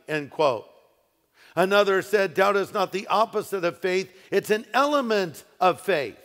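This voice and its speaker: A man's voice: high-pitched, fairly bright tone. Man preaching in a reverberant hall. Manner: preaching with emphatic rises and slowed, stressed phrases. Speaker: pastor. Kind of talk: sermon. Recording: echoey hall with long reverb.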